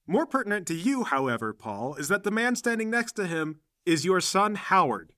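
Bright-voiced male game master. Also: sits high, moderate pace, no echo, clean studio sound. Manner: lively, comic narration. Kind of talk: narrating a tabletop game.

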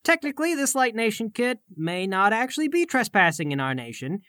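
A man's voice: high voice, very animated, a little fast, sharp tone, no echo, clean studio sound. A man playing a tabletop game in character, earnest and chatty with rambling explanations. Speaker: player.

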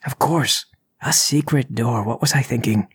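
A man's voice: mid-range voice, normal speed, breathy edge. A man whispering as a terrified stammering intruder. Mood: searching. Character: frightened trembling adult male intruder.

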